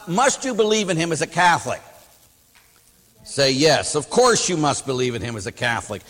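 A man, a Catholic priest, preaching a sermon in an animated, emphatic, anecdotal way. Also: fairly high pitch. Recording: long reverb of a hall.

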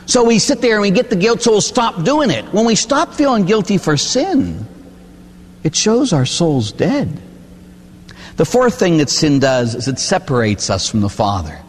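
A Catholic priest giving a sermon, telling stories with lively acted-out voices. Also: male voice, sits high, moderate pace, in a large hall, a little hiss or hum. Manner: animated storytelling, acts out characters.

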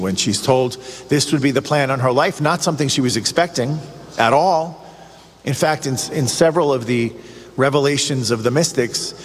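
A man's voice: fairly high pitch, in a large hall. A man preaching a radio sermon, earnest and emphatic, with lots of rhetorical questions. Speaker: radio show host giving a reflection.

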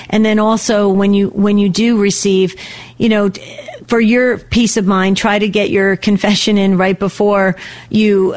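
A woman hosting a call-in radio show, talking in a casual, reassuring and encouraging way. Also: medium pitch.

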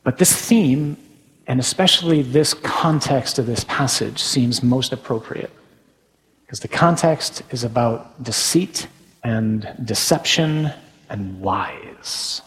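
A man's voice: medium pitch, animated, slow, a bit bright, long reverb tail, low-quality recording. A man, a Catholic priest, preaching a sermon in a conversational way with tag questions.

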